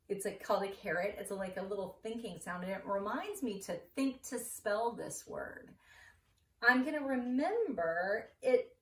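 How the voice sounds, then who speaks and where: A woman's voice: medium pitch, recorded from a distance. A woman teacher walks a class through spelling words, stretching out each sound and syllable. Her voice rises and falls a lot, and she sits some way from the mic in a roomy space with a faint hiss. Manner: slow, clearly sounding out letters and syllables. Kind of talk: spelling lesson to an imagined class.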